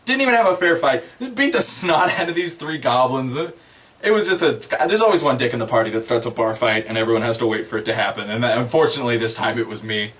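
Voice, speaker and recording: This man's voice is mid-range and he's a fast talker. In casual storytelling mode, he rambles through a tabletop game session, chuckling and animated as he recaps it.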